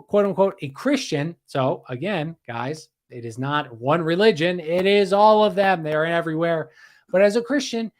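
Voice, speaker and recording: Man, podcast host, casual livestream history talk, rambling, restarts and repeats, reads out chat comments. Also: fairly high pitch.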